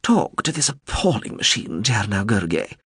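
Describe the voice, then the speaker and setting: A man's voice: lowish voice, big pitch swings, moderate pace, fairly bright tone, slightly rough, no echo, clean studio sound, full character voice. A man voicing an exasperated female professor who speaks in a reproachful, fussy way. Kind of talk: audiobook character voice.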